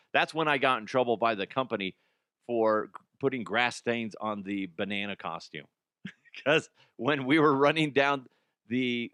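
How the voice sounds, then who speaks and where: A man in his forties from Colorado, a former radio voiceover guy, hosting a casual, profane comedy news rant, chatty and quick to laugh. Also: mid-range voice, a bit bright, clean tone, dry recording, clean studio sound. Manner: chatty, laughing, swears freely.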